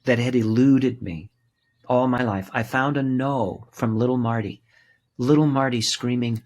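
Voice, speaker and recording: A man's voice: mid-range voice, steady tone, a little slow, darkish tone. A man in his sixties, a guest telling his story in a candid interview, impassioned and repeating words for emphasis, swearing freely. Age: 60s. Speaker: podcast guest, author and actor.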